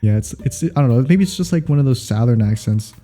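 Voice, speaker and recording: A man's voice: mid-range voice, animated, quick pace, mellow, soft background music. A man co-hosting a casual podcast, speaking English as a second language, rambling and restarting his sentences. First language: not English. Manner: rambling, laughing, restarts often. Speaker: podcast co-host. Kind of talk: casual chat.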